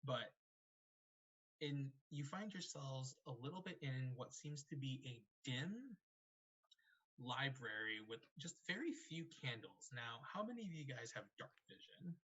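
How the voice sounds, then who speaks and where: Male game master on a live stream, bright voice, easygoing delivery, slightly muffled audio. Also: medium pitch, unhurried, slightly rough. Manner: relaxed, filler-heavy, conversational.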